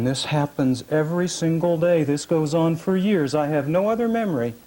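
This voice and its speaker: A man gives a public reading of his own first-person prose. He takes it slowly, leaning into long pauses, and his pitch rises and falls widely as he shapes each line. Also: warm tone. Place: reading series event.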